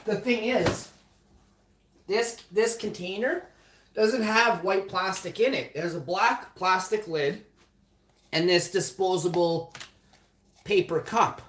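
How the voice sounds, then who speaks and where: A man's voice: high-pitched, takes it slowly, fairly bright tone. A man live streaming from his home kitchen, swearing heavily in an indignant casual rant. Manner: profane, ranting, indignant. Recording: roomy echoey room sound.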